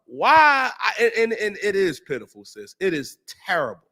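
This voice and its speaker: A man hosting a talk show, preaching on scripture in slangy, emphatic speech and drawing out the verses slowly. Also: high-pitched, very animated, sharp tone. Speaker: host and teacher.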